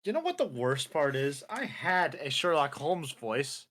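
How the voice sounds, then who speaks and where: A man's voice: on the high side, very animated, a little slow, fairly bright tone. A man joking casually with friends about the accents he can and can't do while they dub a game together. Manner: self-mocking, laughs often. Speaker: voice actor in a group fan dub. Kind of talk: casual banter.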